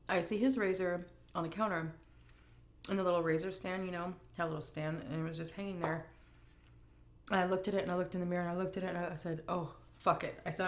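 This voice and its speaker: A middle-aged woman food vlogger telling a story and answering questions in a chatty, animated way full of fillers. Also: on the low side. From United States. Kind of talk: casual storytelling and Q&A.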